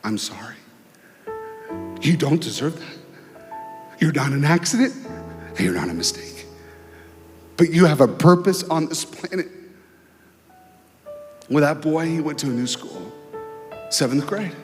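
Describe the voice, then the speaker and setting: A man giving an emotional, dramatic inspirational talk as a guest speaker before a large crowd, telling a story with pauses and swells. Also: on the high side, lively intonation. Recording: long hall reverb, faint music.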